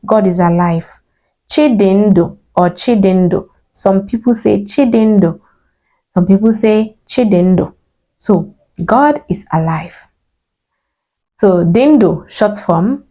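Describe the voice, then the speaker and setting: Woman, unhurried, soft dark tone, patient repetition, teaching. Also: mid-range voice, low-quality recording. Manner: repeats each word slowly, light laughter. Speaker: language teacher. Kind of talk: slow spoken lesson on name meanings.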